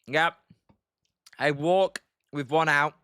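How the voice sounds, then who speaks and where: A man's voice: fairly high pitch, fairly even intonation, slow pace, sharp tone, clean tone, no room sound. A British man hosting a live stream, calling a baseball game and chatting with viewers, with lots of ums between plays. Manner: chatty, many ums, reads chat aloud. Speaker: livestream host doing play-by-play. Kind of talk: casual live commentary with chat replies.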